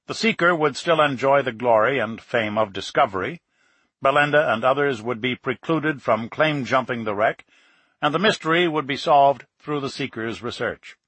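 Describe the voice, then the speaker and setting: Male audiobook narrator, steady measured storytelling, bright and a bit husky. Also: mid-range voice, no room sound. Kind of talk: scripted narration.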